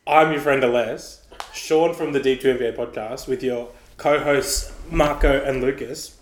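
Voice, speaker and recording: A young Australian man co-hosting a casual podcast, telling anecdotes in a lively way and laughing through them. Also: medium pitch, moderate pace, slight background noise. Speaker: podcast co-host. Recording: roomy echo.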